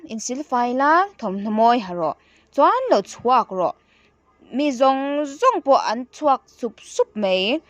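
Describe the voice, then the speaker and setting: A woman's voice: fairly high pitch, dry recording, lo-fi sound. A woman teacher with a Mizo accent, explaining an English children's poem to her students in a sing-song classroom reading voice. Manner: sing-song reading with exaggerated rises and drops.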